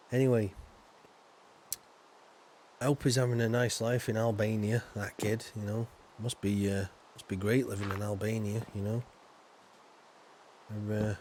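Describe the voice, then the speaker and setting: With slight background noise, a Yorkshire man's fairly low, darkish voice carries his casual gaming chat as he streams a building game. He rambles to viewers with plenty of little asides.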